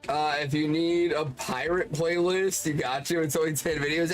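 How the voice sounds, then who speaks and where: A man's voice: a little high, steady tone, normal speed, soft background music. A man streaming and chatting casually with his chat, swearing freely and often laughing.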